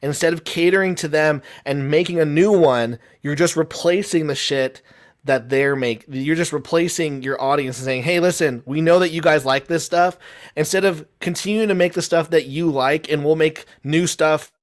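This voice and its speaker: Rambling, animated man arguing. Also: on the high side, normal speed. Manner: rambling, many restarts, animated. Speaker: guest. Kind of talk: heated casual debate.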